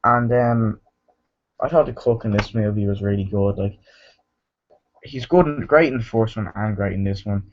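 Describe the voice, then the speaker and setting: A man's voice: fairly low pitch, normal speed, long pauses, lo-fi sound. A man giving a casual, rambling movie review, full of fillers and restarts.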